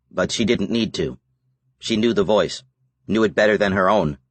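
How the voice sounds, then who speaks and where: A man narrating a novel as an audiobook in a measured, even reading. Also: lowish voice, dry recording. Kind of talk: scripted narration.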